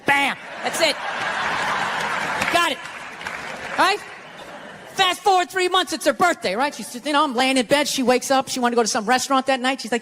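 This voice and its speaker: A man's voice: extremely high pitch, expressive, fast, a bit bright, slight background noise. A middle-aged male stand-up comedian telling a story in a profane, ranting, self-mocking way.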